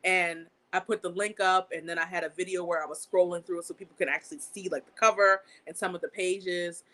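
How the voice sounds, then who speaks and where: Animated woman, outraged storytelling host. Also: fairly quick. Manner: animated, swears freely, pitch jumps up when outraged. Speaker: channel host. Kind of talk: casual live-stream storytelling.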